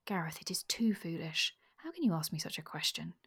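A woman reading aloud as a shy, gentle young noblewoman in a soft, hushed voice. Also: sits low, big pitch swings, brisk, husky, full character voice.

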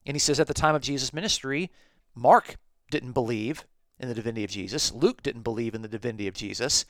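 A man hosting a talk podcast, reading from commentaries and explaining them in a measured way. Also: mid-range voice, a bit bright, no room sound. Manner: measured, explanatory, quotes sources aloud. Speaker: podcast host.

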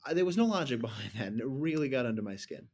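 A man talking casually about a movie with friends. He rambles, gets animated and drops mocking asides. His pitch sits in a middle range for a man. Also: fast. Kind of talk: casual film discussion.

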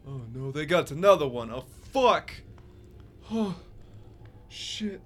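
A man's voice: fairly high pitch, animated, slow pace, voice pushed up. A man voicing a fearful, resigned old male prisoner who mumbles and rambles. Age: older.

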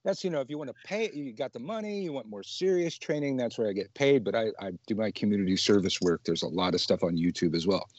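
Man, low voice, chatty, laughs a lot, dry muffled video-call sound. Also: expressive, fast talker, hardly any pauses, darkish tone, no echo. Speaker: guest witchcraft teacher. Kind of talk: casual video-call chat.

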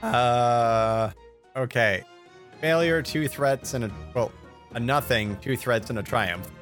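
A man's voice: mid-range voice, slow, fairly bright tone, soft background music. Dry, wry man at a game table. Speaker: player. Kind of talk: playing a tabletop role-playing game.

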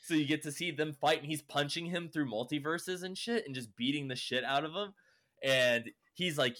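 Recapping a show in a loose, rambling way, this young man fills his talk with "like" and curse words. His voice runs a bit high, moving at a moderate pace with a bright, forceful tone.

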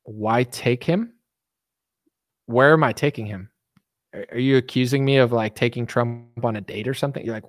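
A man's voice: mid-range voice, moderate pace, no room sound, clean studio sound. A man vlogging a sarcastic, rambling satirical comedy monologue to his viewers.

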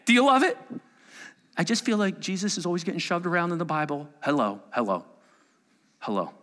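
A man preaching a sermon and reading scripture aloud, swinging between hushed asides and loud exclamations. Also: sits high, animated, quick pace. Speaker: pastor. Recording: long hall reverb.

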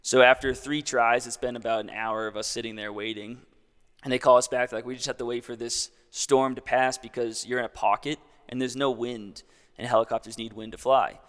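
A man's voice: mid-range voice, fairly even intonation, fairly quick, a bit bright, clean tone, long reverb tail. A young man casually telling a long story as a guest, in a laid-back way full of "like".

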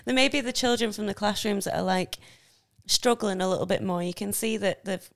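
A woman's voice: mid-range voice, fairly quick, vocal fry. A woman, a university student who volunteers in schools, talks earnestly in casual chat with many hesitations.

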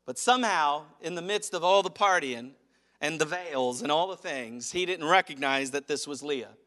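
Animated bright-voiced male preacher. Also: a little high, moderate pace. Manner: animated preaching, acts out quotes, chuckles. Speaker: pastor. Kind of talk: sermon.

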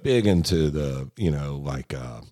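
Brief: male podcast co-host, deep voice with a wide swinging lilt, profane jokey banter, dry close mic. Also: lively intonation, measured pace, mellow, dry recording. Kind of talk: casual chat.

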